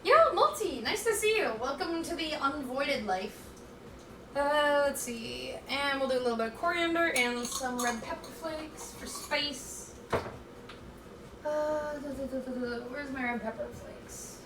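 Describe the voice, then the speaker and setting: A woman's voice: high-pitched, animated, a little slow, roomy sound, recorded from a distance, noisy background. A woman streamer chatting casually with her viewers as she cooks at home, reading chat aloud in a scattered, playful way. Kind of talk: casual chat while cooking. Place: home kitchen.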